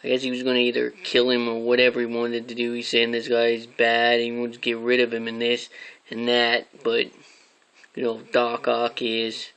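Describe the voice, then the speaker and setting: A man talks through his weekly comic picks in a loose, rambling way, dropping casual swear words as he goes. His pitch sits in a middling range and barely moves, which gives the delivery a flat, even sound. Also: normal speed, clean tone, rough recording. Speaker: comic book reviewer. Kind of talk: casual review vlog.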